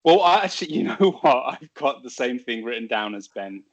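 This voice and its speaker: A man co-hosting a casual football podcast, telling stories in a lively way with quick asides. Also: medium pitch, lo-fi sound, slight background noise. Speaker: podcast co-host.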